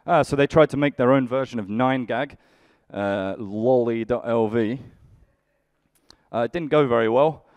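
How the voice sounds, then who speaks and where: A man's voice: mid-range voice, unhurried, a little mellow, dry recording. A young man doing live stand-up comedy, grumpily bantering with the audience in a dry way. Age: young adult. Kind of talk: live stand-up with crowd work.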